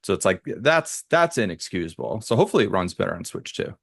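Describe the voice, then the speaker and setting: Low-voiced young man chatting, dry sound. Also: very animated, quick pace, vocal fry, a bit bright, no echo. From United States. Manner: rambling, filler-heavy storytelling. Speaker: podcast co-host. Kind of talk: casual chat.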